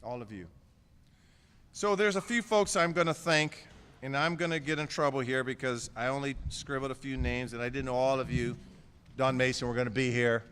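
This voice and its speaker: A man's voice: mid-range voice, steady tone, brisk, a bit bright, a little hiss or hum. A man, an outgoing mayor, giving a joking, affectionate and slightly emotional farewell speech at an indoor press conference, thanking people by name. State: a little emotional. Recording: echoey hall with crowd murmur.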